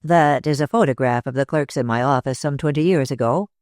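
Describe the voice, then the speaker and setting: A narrator voicing a brisk, dismissive older father and host. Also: medium pitch, no room sound, studio quality, natural voice. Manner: sharp, dismissive.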